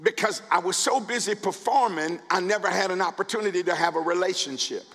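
A male pastor preaching a sermon, building from calm scripture reading to shouted calls to the congregation. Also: high voice, brisk, long reverb tail. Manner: preaching, rising to shouts with repeated words. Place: church sanctuary.

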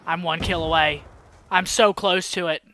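A young man giving live gameplay commentary, excitable, swinging from mumbled asides to frustrated yelling. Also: a little high, moderate pace, a little hiss or hum. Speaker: gaming commentator. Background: gunfire from the game.

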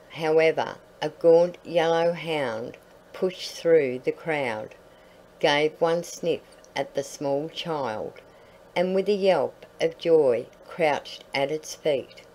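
Woman reading a story aloud, low voice, slow and calm. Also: low-quality recording.

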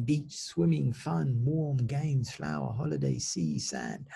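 Slow, gravelly-voiced male teacher. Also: mid-range voice, very animated, warm tone, a little hiss or hum. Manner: slow, patient, explaining step by step. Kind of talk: recorded online lesson for children.

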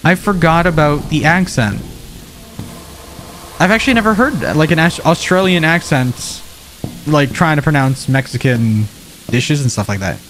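A young man playing a video game live, chatting and joking with his viewers and reacting loudly to what happens on screen. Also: on the high side, animated, moderate pace, pauses often, a little hiss or hum. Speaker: streamer. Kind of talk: let's play commentary.

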